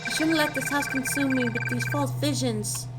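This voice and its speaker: A woman voicing Luigi as a frantic young man pleading with his brother, over loud game music. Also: steady tone, normal speed, heavy background noise, close to an everyday voice. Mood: frightened. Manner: high-pitched, pleading and shouting. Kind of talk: game dialogue read aloud.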